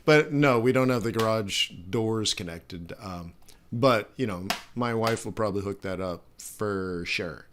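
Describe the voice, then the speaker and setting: A man's voice: fairly low pitch, measured pace, noisy background. Man, middle-aged, live trading stream host, casual, rambling, frequent restarts. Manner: rambling, chatty, many fillers and restarts.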